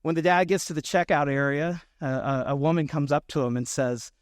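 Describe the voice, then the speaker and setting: A man's voice: on the high side, a little fast, no room sound, studio quality. Man preaching a chatty sermon. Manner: conversational storytelling with asides to the congregation. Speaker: pastor.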